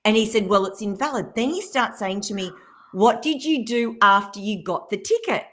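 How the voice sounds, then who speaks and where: A woman, a radio guest telling a story in lively fashion, acting out what people said. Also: mid-range voice, normal speed. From Australia. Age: 50s. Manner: animated storyteller acting out quotes, laughing.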